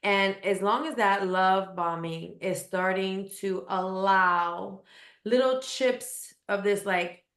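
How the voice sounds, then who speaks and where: A woman's voice: medium pitch, slow, a bit bright. A woman tells a hard personal story in an interview, earnest and emphatic, often repeating phrases for weight. Her voice sits in a middle register. The room around her is echoey. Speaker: guest.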